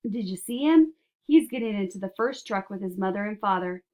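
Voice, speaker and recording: A woman voicing a cheerful, eccentric male candy maker who talks in brisk, emphatic bursts. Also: mid-range voice, animated, a little mellow, close to an everyday voice.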